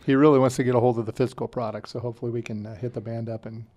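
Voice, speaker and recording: A man's voice: medium pitch, fairly even intonation, racing, warm tone, dry recording. A man guesting on a radio show, giving brief teasing replies in casual chat.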